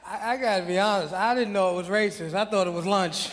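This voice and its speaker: High-voiced man telling a story on stage. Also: fast, heavy background noise. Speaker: guest telling his side of a story. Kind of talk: stand-up storytelling. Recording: live hall with crowd. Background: audience laughter.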